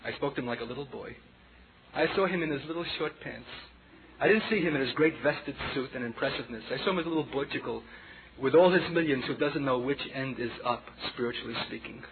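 A man with a Brooklyn accent preaching a sermon, telling a story dramatically and dropping from loud to hushed as he addresses the congregation as children. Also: mid-range voice, fast talker, background noise. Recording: tinny phone-like sound with audience.

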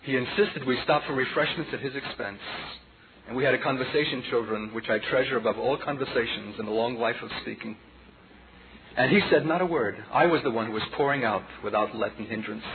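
A man in his forties preaching a personal testimony sermon, impassioned and dramatic, swinging between hushed passages and loud outbursts. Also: medium pitch, a little fast. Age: 40s. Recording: tinny lo-fi sermon tape with audience noise.

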